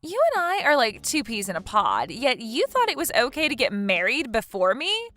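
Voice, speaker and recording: A woman's voice: fairly high pitch, wildly swooping pitch, normal speed, fairly bright tone, soft background music. A woman voicing a smug, scheming woman in a text message story, taunting and laughing mockingly. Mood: spiteful. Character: smug scheming woman who stole her friend's husband.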